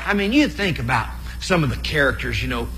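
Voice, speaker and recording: A man doing energetic stand-up comedy, stammering and laughing at his own jokes. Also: mid-range voice, a little fast, some chatter behind, slight background noise. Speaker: comedian and preacher. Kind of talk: live stand-up comedy with impressions. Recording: long hall reverb, faint ambience.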